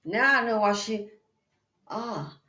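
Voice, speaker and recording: Woman ranting advice to the camera, highish voice, calls you girl, kinda echoey room. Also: takes it slowly. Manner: animated and emphatic, addresses viewer as "girl" and "baby". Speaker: commentary channel host. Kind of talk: casual commentary. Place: indoors, exercising while recording.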